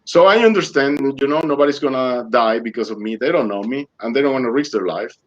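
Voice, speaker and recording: A man's voice: mid-range voice, lively intonation, fast talker, lo-fi sound. A man being interviewed over a video call, telling his story vividly and acting out what he said, in loose non-native English. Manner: vivid storyteller who acts out his own quoted lines. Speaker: interview guest.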